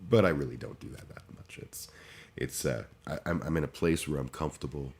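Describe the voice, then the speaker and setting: Very deep-voiced rambling streamer man. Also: brisk, darkish tone. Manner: rambling, self-deprecating, stop-start. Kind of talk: casual livestream chat.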